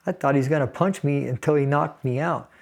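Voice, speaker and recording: A man's voice: on the high side, fairly quick, vocal fry. A man in his sixties from California, a Navy veteran casually recounting a personal story in an interview and laughing through grim details. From San Fernando Valley, California.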